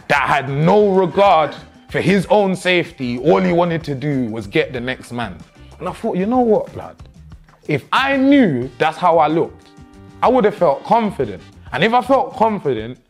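A man, telling the story of his own boxing match in a slangy, animated, self-mocking way. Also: a little high. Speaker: boxer reviewing his own fight. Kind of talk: casual storytelling commentary.

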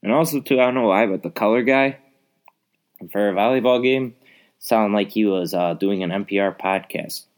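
A young adult man hosts a podcast, delivering a casual solo rant that is exasperated, rambling, and packed with fillers. His voice is fairly low and his pace moderate.

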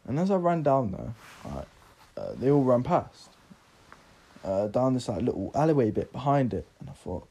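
A man's voice: medium pitch, very animated, normal speed, gravelly, dark tone, breathy edge. An eighteen-year-old man, drunk, telling a rambling story on his podcast, swearing often. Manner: swearing, rambling, filler-heavy. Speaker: podcast host.

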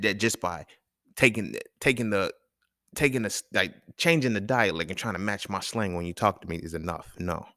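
A man's voice: low voice, a bit bright, dry recording, studio quality. A man hosting a podcast, talking in a casual, emphatic and profane monologue, chuckling between points. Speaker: podcast host.

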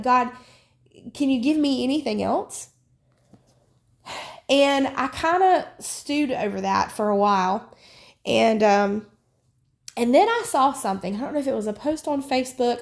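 A woman hosts a faith podcast and teaches in an earnest, rambling way, often restarting her sentences. Her voice sits fairly high and has a gravelly fry running through it. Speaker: podcast host.

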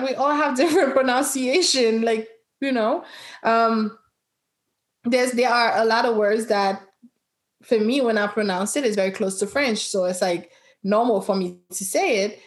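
A woman from Brooklyn with a higher voice talks in a casual chat. She speaks with animation and laughs easily. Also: measured pace. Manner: animated, laughs while talking.

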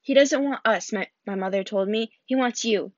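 This reader is a woman of medium pitch who moves at a moderate pace, giving the novel's characters their own voices amid frequent slips and restarts. It's a dry, dull lo-fi recording.

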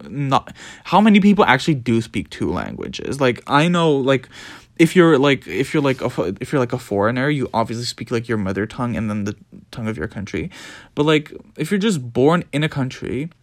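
A young man with a Dutch accent rambles through a casual, profane monologue, his pitch leaping up and down with animation. The sound is dry and close, with no room around him. He is a native Dutch speaker talking in English. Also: no echo. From Netherlands. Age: young adult. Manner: animated, profane, mimics others in squeaky voices. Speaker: podcast host.

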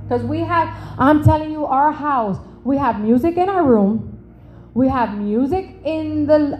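High-voiced woman preaching a lively sermon. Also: a little hiss or hum, poor audio. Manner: animated, humorous, acts out conversations; slow, emphatic phrasing on scripture. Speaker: preacher teaching the church. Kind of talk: sermon with storytelling. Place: church service.

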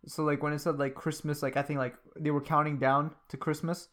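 A young man with a somewhat high voice giving his take on a film. He talks casually and throws in dry, joking asides. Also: level tone, fairly quick, a bit bright. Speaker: podcast co-host. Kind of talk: casual movie-review chat.

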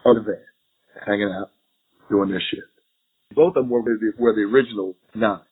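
A man's voice: mid-range voice, slightly rough. A middle-aged man, a retired agent, telling a long story in an interview. He laughs often and acts out what others said. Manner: animated, laughing storyteller who acts out quotes. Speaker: retired FBI agent, podcast guest. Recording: tinny phone-line audio.

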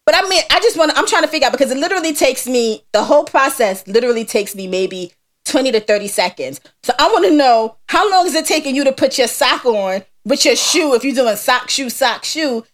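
A woman's voice: high voice, lively intonation, brisk. A woman co-hosting a podcast in casual chat, playfully defending herself and laughing easily. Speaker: podcast co-host.

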